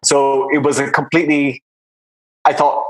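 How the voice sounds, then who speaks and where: A man in his fifties with an Irish accent, telling his story as an interview guest in a measured way. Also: mid-range voice, level tone, low-quality recording. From Ireland. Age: 50s. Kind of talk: conversational interview.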